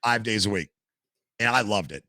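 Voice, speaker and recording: An older man, a podcast guest, telling stories in a casual, animated way and acting out what others said. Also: lowish voice, normal speed, dry recording. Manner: animated storyteller, acts out quotes. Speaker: podcast guest, gamer and streamer. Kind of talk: casual storytelling interview.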